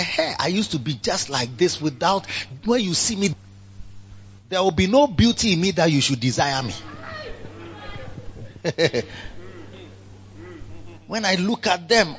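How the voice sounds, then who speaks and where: A Ghanaian man with a fairly high voice delivers a church sermon, swinging from loud, shouted exhortation to quiet, wry asides. He slips Twi phrases in among the English. The recording sounds muffled and lo-fi. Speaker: pastor. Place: church service.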